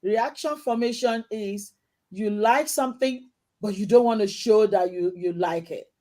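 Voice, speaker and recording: A woman's voice: medium pitch, unhurried, mellow. A middle-aged woman hosting a casual talk show, talking emphatically and repeating words as she starts. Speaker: host.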